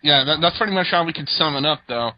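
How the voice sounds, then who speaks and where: A man's voice: fairly high pitch, quick pace, no room sound. Man recapping wrestling on a lo-fi podcast. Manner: rambling recap with many fillers. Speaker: host. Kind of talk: casual wrestling review chat. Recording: dull lo-fi podcast audio.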